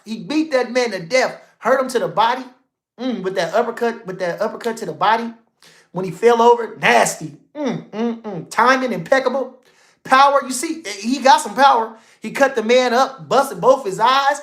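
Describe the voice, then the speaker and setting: A middle-aged man hosting a casual livestream about boxing, slangy and animated, swinging from a low murmur to loud outbursts. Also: moderate pace. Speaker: boxing commentator.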